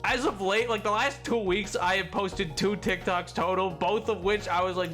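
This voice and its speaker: A young man streaming a game, chatting casually in an excitable, rambling way and laughing often. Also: high-pitched, normal speed, hardly any pauses, faint music behind. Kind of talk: casual live-stream chat while gaming.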